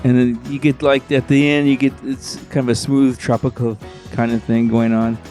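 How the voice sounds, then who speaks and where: A man co-hosting a casual chat, easygoing and a little halting. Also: medium pitch, flat delivery, a little mellow, faint music behind.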